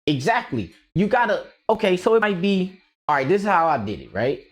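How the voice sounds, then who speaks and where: A male streamer rambles through a casual rant on his livestream, hopping between thoughts and reacting to chat. His voice is a touch high, and his loose, slangy, very animated delivery bursts with energy and quick laughs.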